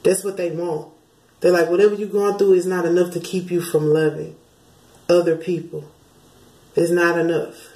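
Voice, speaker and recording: A woman's voice: on the low side, level tone, normal speed, pauses often, mellow, echoey room, poor audio. A woman, chatting casually as she passes on spiritual channeled messages, often slipping into quoted voices. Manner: chatty, laughs often, slips into sung lines and quoted voices.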